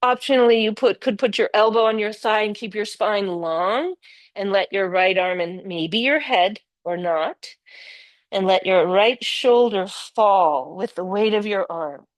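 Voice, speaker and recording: An older woman teaching a yoga class, giving steady cues and praising students by name. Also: medium pitch, measured pace, dry recording. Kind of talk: live yoga class instruction. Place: yoga studio.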